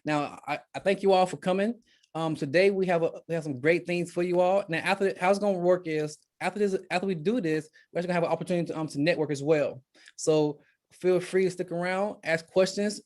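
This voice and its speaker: A man's voice: high voice, fast, a little mellow. A man hosting a live online investor event, talking casually over a video call and often restarting his sentences. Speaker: event host.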